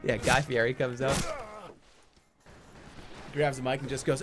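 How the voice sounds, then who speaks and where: Man, game streamer, rambling jokey chat, mid-pitched voice, desk mic, loud gunshots behind. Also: flat delivery, a little slow. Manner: rambling, jokey, bursts into loud high mock-announcer bits. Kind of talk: casual gaming stream chat. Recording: game gunfire noise behind voice.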